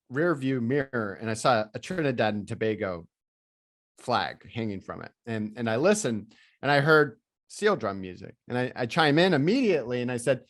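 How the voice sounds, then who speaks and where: A man telling business stories as an interview guest, lively and acting out the people he quotes. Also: medium pitch, dry recording, clean studio sound. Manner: animated storyteller who acts out quoted voices. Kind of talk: storytelling interview chat.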